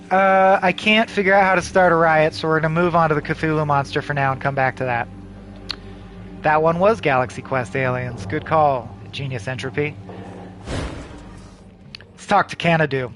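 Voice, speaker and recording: A man's voice: a little high, steady tone, normal speed, long pauses, a bit bright, a little hiss or hum. A man playing a video game aloud, reading its text in casual, profane asides. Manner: casual, profane asides between read-outs. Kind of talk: game playthrough with narration.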